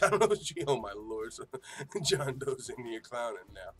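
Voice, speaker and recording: A male host chatting loosely on a livestream, reading out viewer comments and reacting to them. He talks in an animated way, swears freely and breaks into laughter often, with a mid-pitched voice. Quiet music sits faintly behind him. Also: normal speed, husky. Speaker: MMA show host.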